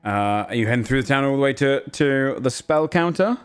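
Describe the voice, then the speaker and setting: A man's voice: medium pitch, expressive, fairly quick, clean tone, faint music behind. A man running a tabletop game as game master, narrating casually with lots of fillers.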